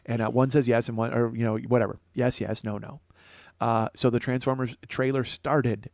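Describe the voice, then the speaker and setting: A man's voice: medium pitch, level tone, moderate pace, gravelly, a little mellow, no echo. A man hosting a comedy podcast, ranting in a rambling, profane way that keeps interrupting itself. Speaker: podcast host.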